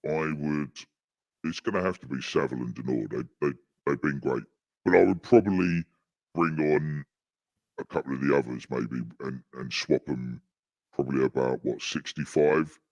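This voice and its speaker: Booming ultra-deep voice. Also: male voice, moderate pace, a little mellow, no room sound. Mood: gruff. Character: booming deep-voiced man, gruff and teasing. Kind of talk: online podcast banter. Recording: dull, muffled, dry.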